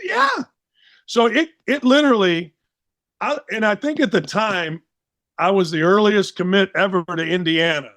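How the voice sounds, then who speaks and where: A man in his sixties with a Midwestern American accent, telling a story in a casual interview and acting out quotes in lively voices. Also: sits high, normal speed. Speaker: sports talk host, guest storyteller.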